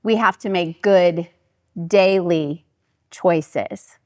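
A woman's voice: fairly low pitch, very slow, no room sound, studio quality. A middle-aged woman, a pastor's wife, giving a chatty storytelling talk to her church and acting out what people said. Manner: chatty and animated, acting out quoted voices.

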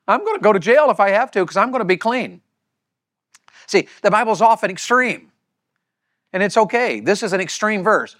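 Guy preaching hard to a room of men, high voice, asks the crowd stuff, gets loud then drops quiet. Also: very animated, normal speed, pauses often, no echo, studio quality. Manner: emphatic, rhetorical questions, shifts between loud punches and quiet asides. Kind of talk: sermon to a men's session.

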